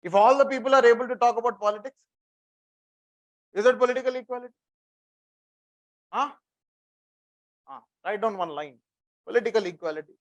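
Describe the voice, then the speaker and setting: Indian teacher lecturing and dictating. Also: male voice, very high voice, a little fast, pauses often, dull audio. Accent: Indian English. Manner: repeats key phrases for dictation, quizzes the class. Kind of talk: classroom lecture.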